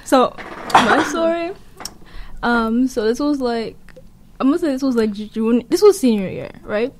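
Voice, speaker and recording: Young girl with a high voice telling a story, keeps cracking up laughing. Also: animated, measured pace, background noise. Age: young adult. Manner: giggly, breaks into laughter mid-story. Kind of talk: casual chat.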